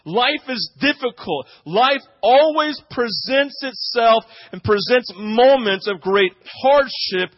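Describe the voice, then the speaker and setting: A man with a notably high voice delivers a sermon, speaking to his congregation in a conversational way. He keeps asking "right?" and throws himself into the quotes he acts out. The recording sounds muffled and lo-fi. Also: animated, slow pace, few pauses, no echo. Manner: acts out quoted speech with energy. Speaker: pastor.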